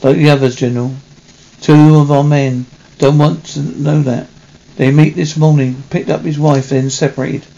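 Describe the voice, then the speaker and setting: A man reading a film script aloud in a halting way, correcting himself as he goes. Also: on the high side, level tone, vocal fry, dark tone, muffled recording. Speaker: reader.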